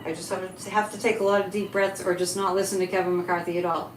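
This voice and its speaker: This woman's voice is on the low side, with a flat delivery and a quick pace. She hosts a psychic livestream, chatting in a casual, animated manner and responding to the chat as it scrolls by. The room sounds echoey, with faint noise.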